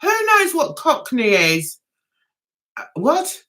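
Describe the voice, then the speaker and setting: A woman's voice: high-pitched, huge pitch swings, slow, pushed and bright. An older woman, hosting a casual livestream chat and rambling with giggles. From England. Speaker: livestream host.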